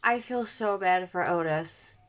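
A woman's voice: on the low side, measured pace, a bit bright. A woman co-hosting a casual podcast about wrestling, talking in an emotional, playfully dramatic way. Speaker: podcast co-host.

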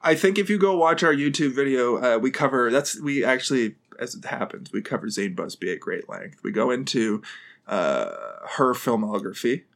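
A man from Canada co-hosting a podcast, chatting casually with jokes, swearing and quick asides. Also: medium pitch, lively intonation, fairly bright tone. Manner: joking, profane, quick asides. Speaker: podcast co-host. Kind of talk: casual chat.

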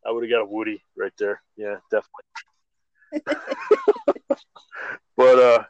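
A man hosting a casual chat, excitable and full of stammered restarts. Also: on the low side, unhurried, no echo. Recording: slightly dull lo-fi audio.

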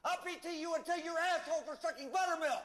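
A screaming drill sergeant. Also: male voice, very high voice, fast talker, fairly bright tone. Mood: enraged. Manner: barked, relentless profane insults. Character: ferocious male drill sergeant screaming insults. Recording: echoey film clip with reverb.

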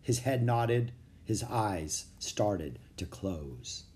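A man narrating a children's chapter book aloud in a steady, expressive reading. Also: lowish voice, very slow. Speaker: audiobook narrator. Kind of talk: storybook read-aloud.

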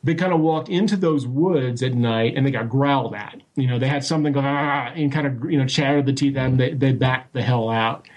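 A man telling a story as an interview guest, animated and full of restarts and acted-out quotes. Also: medium pitch, a little fast, hardly any pauses. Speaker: guest recounting a sighting. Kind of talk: casual storytelling.

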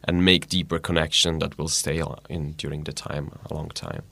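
A man from Italy with an Italian accent, chatting casually as a guest in a relaxed, talkative way. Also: very deep voice, a little fast, creaky, dry recording. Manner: relaxed, chatty, laughs often. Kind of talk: casual chat.

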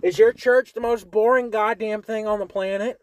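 A man's voice: high voice, steady tone, normal speed, no echo. Profane sarcastic man with a clogged nose. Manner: profane, sarcastic, mock voices. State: clogged sinus. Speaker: podcast co-host. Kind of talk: crude casual banter.

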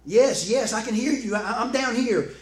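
A man voicing a panicked man stuck on a cliff, shouting and stammering as he pleads for rescue. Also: on the high side, rapid-fire, close to an everyday voice. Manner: frantic, stammering pleas. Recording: echoey room with faint background noise.

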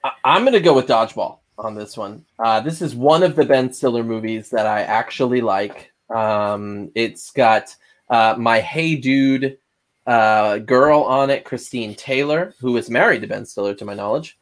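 A man's voice: medium pitch, moderate pace. A man co-hosting a casual podcast, moving the talk along in a dry, matter-of-fact way. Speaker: podcast co-host. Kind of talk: casual chat.

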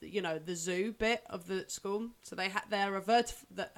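A young woman, co-hosting a casual podcast chat while recovering from a cold that deepens her voice, chatty and laughing often. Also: normal speed, vocal fry. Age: young adult. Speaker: podcast co-host.

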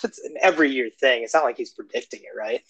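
A man co-hosting a podcast in casual sports chat, relaxed and joking, recorded on his phone. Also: medium pitch, quick pace, husky, no echo, low-quality recording. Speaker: podcast co-host.

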